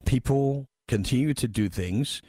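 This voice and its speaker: A man's voice: mid-range voice, unhurried, mellow, no room sound. A man hosting a talk radio show, reading listener messages and giving wry, emphatic commentary into a studio microphone.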